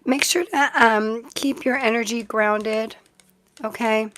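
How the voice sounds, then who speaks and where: A woman's voice: a little high, fairly even intonation, slow pace, fairly bright tone. Chatty, giggly middle-aged woman reading tarot. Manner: chatty, giggly, easily distracted. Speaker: tarot reader hosting a live stream. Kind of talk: casual live-stream tarot reading.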